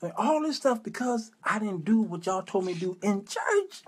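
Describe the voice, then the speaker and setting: High-voiced man ranting, exasperated. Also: normal speed, breathy edge. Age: middle-aged. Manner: animated, exasperated, preacher-like rhetorical questions; drawls in casual vernacular. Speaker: show host. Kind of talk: comic rant on a talk show.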